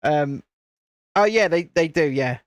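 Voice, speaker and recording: British man, high voice, dry close sound, chatty livestream host, laughs a lot. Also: expressive, slow, clean tone, dry recording. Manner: chatty, answers viewers, laughs often. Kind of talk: casual chat while building Lego.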